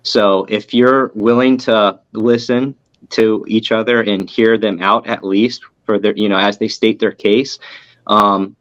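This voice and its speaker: A man, a business co-founder, giving measured, reflective advice in a casual interview. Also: fairly low pitch, steady tone, fairly bright tone, dry recording, lo-fi sound.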